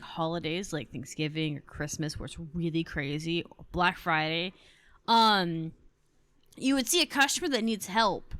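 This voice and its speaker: A chatty young woman in her twenties rambles through stories as she hosts a gaming video. Her voice sits at an ordinary middle pitch. It is recorded dry, with no room echo. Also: a bit bright. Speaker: gaming channel host. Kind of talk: casual chat over gameplay.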